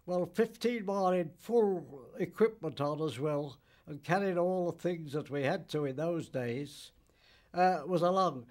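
A man in his nineties recalls old memories in an interview. His voice sits a little high for a man and moves slowly. He tells it haltingly, in plain dialect speech. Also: darkish tone. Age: 90s. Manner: halting, plain-spoken storytelling with dialect grammar. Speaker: war veteran interviewee. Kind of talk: recollection interview.

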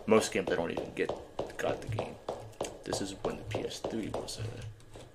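A young man playing a horror game demo and talking through it, jittery and swearing, yelling when startled. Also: deep voice, steady tone, normal speed, gravelly, heavy background noise. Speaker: gaming YouTuber. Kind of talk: horror game let's play commentary.

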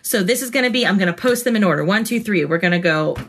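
A woman's voice: medium pitch, expressive, fast, fairly bright tone, slightly rough. Chatty woman vlogger unboxing stickers. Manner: chatty and rambling, gushing over cute stickers. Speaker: planner vlogger and host. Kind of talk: casual unboxing chat. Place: home desk in front of a computer.

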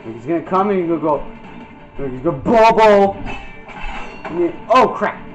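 Excitable young man narrating gameplay. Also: high-pitched, normal speed. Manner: excitable, jokey, yelps and silly voices. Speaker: gameplay commentator. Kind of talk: casual let's-play commentary. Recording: dull lo-fi mic with game music.

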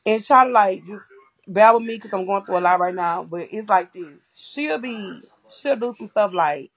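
A woman's voice: medium pitch, expressive, moderate pace. A woman talking bluntly and with a lot of swearing in a casual livestream chat, acting out the arguments she describes. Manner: blunt, profane, acts out quoted arguments.

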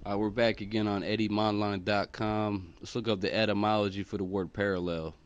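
A man's voice: fairly low pitch, flat delivery, fairly quick, clean tone, no room sound. A man casually talking through a word's origins in a loose, chatty way with fillers. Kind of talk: casual explanatory talk. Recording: dull lo-fi recording.

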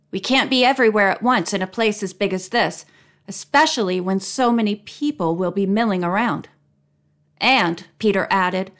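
A woman reading a children's mystery novel aloud in a clear, even storytelling voice, lightly voicing each character. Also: mid-range voice. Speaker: audiobook reader.

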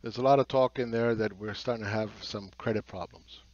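A man's voice: on the low side, steady tone, fairly quick, a little mellow, highs cut off. A man giving a blunt market commentary monologue, sarcastic and swearing, who mocks other people's views. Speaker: market analyst.

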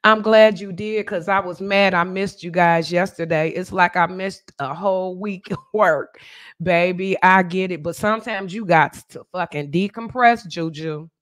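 A woman's voice: fairly low pitch, normal speed, a bit bright. A woman hosting a casual livestream podcast, greeting viewers by name and trash-talking with blunt slang. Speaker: podcast host.

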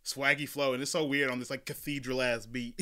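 A man hosting a reaction video, excitable and chatty, often repeating his phrases. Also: mid-range voice, normal speed. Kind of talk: casual reaction commentary. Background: rap music playing.

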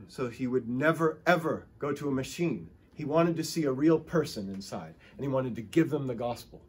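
A man's voice: mid-range voice, moderate pace, few pauses, breathy edge. A male pastor preaching a sermon, telling stories with emphatic, rising and falling delivery.

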